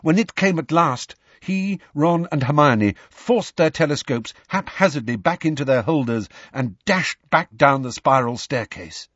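Lively-pitched husky male narrator, dull lo-fi sound. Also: dry recording. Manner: measured, expressive reading. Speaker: audiobook narrator. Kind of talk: scripted narration. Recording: dull, slightly lo-fi studio recording.

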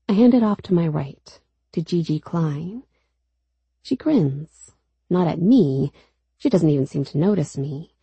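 A woman reading a first-person story aloud in a steady, low-key storytelling manner. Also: husky, dry recording. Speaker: narrator. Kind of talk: first-person audiobook narration.

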